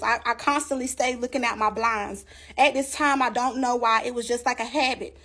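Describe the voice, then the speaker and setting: Woman storyteller, fairly high voice, emphatic and animated, addresses the audience directly. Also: moderate pace. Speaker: storyteller giving a testimony. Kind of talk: casual storytelling to viewers.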